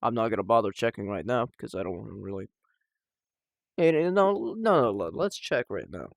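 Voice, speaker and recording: A young man talking casually and personally to the camera at home, halting and emotional, with sighs and restarts. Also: fairly low pitch, expressive, gravelly, no room sound, clean studio sound. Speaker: vlogger.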